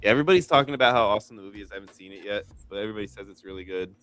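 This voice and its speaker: A man's voice: lowish voice, racing, a bit bright, clean tone. A man on a fantasy sports podcast, chatting casually and telling a long rambling story full of fillers. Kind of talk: casual chat.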